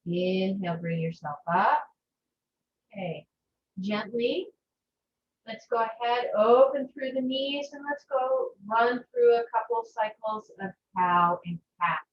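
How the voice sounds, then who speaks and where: A woman guides a yoga class over a video call with slow, gentle, soothing instructions. She sounds distant from the mic in an echoey room, and the audio is muffled with faint background noise. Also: on the high side.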